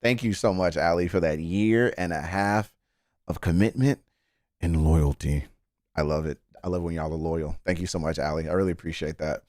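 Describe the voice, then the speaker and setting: A man streaming a casual reaction, excitable and swearing freely, his voice leaping up when he gets worked up. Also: normal speed, dry recording, studio quality. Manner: excitable, swears often, jumps high in pitch when worked up. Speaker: streamer reacting to music news. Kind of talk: casual live-stream chat.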